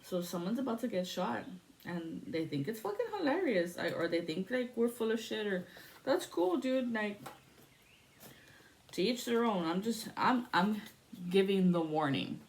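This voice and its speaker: A woman's voice: mid-range voice, very animated, unhurried. A woman giving a casual spiritual reading, chatty and profane, laughing often and shifting into a spoken prayer to invoke spirits. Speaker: spiritual reader.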